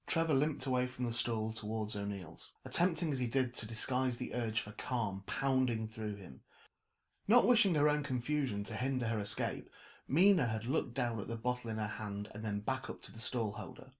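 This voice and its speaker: Man, audiobook narration, measured, even, mid-pitched.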